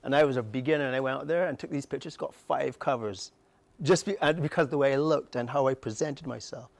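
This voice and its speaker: In a dry TV studio recording, a middle-aged man with a Barbadian accent appears as a morning interview guest. His creaky, mid-range voice comes in fast, emphatic bursts, passionately rising into outbursts.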